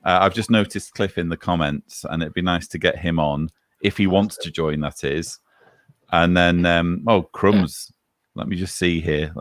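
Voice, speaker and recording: A man's voice: sits low, steady tone, moderate pace, no room sound. A man from England with a Manchester accent hosting a casual livestream chat with dry, self-mocking humor. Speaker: livestream host.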